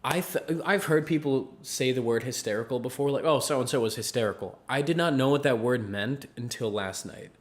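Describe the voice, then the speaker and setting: With hardly any pauses, a male podcast co-host tells a story in casual conversation at a moderate pace and mid-range pitch. He animatedly acts out the quotes and bursts into laughter.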